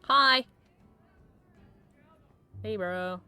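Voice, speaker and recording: A woman hosting a let's play, chatting and giggling excitably as she plays a video game. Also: medium pitch, drawn-out words, clean tone, no room sound, faint music behind. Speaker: host.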